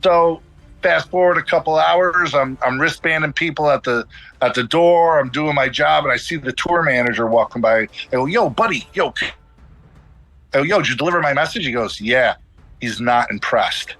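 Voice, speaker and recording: On a rough recording, a middle-aged podcast guest with a slightly high voice spins a lengthy, animated yarn at normal speed. He casually performs each character's lines as he quotes them.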